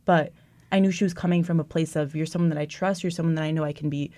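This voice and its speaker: Young woman w a lowish voice, frank and a bit sarcastic, chatting casual. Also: fast talker, dry recording. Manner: frank, wry, animated storytelling. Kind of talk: casual conversation.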